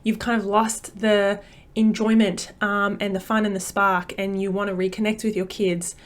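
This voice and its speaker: A woman's voice: medium pitch, flat delivery, normal speed. A woman, a parenting coach talking casually to camera in an upbeat, chatty way with many fillers.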